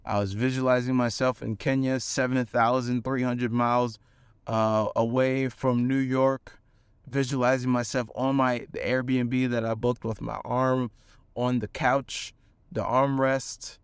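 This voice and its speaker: A young man earnestly telling a personal story, with fillers and animated bursts. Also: mid-range voice, a little slow, clean tone, dry recording. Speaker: manifestation coach.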